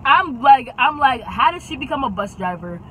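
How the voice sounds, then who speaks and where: A woman telling a storytime in a dramatic, slangy, profane way, firing off loud demands. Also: high voice, expressive, slight background noise, poor audio. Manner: dramatic, loud outbursts, rapid-fire demands. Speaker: storytime vlogger. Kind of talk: animated storytime chat.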